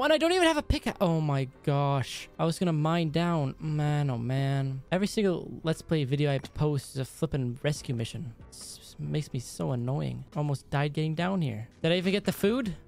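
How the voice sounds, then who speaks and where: A man hosting a let's play, talking through his game, swinging from frustrated yelling to quiet muttering. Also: on the high side, gravelly. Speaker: gaming channel host. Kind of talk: let's play gameplay commentary. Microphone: headset or desk mic.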